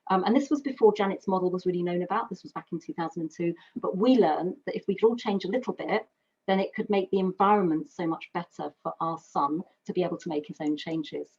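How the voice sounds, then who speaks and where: A British woman gives an earnest, personal webinar talk as a carer, explaining through metaphors and lists. Her voice is low and a little husky. The audio is dull and lo-fi. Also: fast talker, darkish tone. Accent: British English. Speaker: carer speaker. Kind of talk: webinar presentation.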